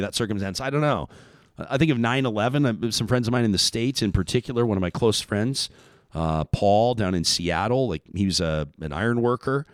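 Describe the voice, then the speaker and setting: A man's voice: lowish voice, very animated, fairly quick, dry recording, studio quality. A man hosting a radio talk show, talking in a rambling, earnest way with many restarts.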